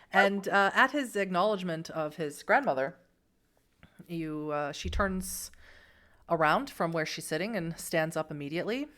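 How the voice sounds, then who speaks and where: A woman's voice: on the low side, animated, normal speed, fairly bright tone. A woman narrating as game master of a tabletop game, chatty, with many fillers.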